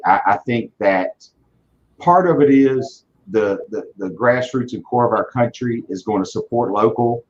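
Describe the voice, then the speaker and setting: A man's voice: medium pitch, measured pace. Earnest male business guest, repeats himself, muffled lo-fi audio. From Virginia, US. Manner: earnest, repeats words when starting thoughts. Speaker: car dealership leader, guest. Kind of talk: casual interview talk. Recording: dull lo-fi audio.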